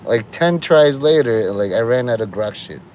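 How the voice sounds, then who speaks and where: A man's voice: mid-range voice, expressive, normal speed, darkish tone, a little hiss or hum. Rambling, profane man streaming outdoors. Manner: rambling, profane, laughs at own jokes. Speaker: livestream host. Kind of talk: rambling livestream monologue.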